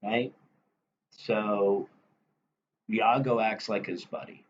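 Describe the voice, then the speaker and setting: A man's voice: on the low side, steady tone, slow pace. A man teaching a literature lesson in a conversational way, reading quoted lines aloud and checking in with the listener. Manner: conversational, frequent "right?" check-ins. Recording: dull lo-fi recording with faint noise.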